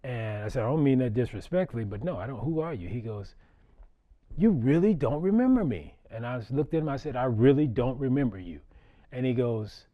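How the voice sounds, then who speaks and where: A middle-aged basketball referee gives a public talk, telling a story to an audience in a conversational way. He talks fast with a medium pitch and lively intonation, chuckling and repeating words as he restarts. The audio has a phone-quality sound.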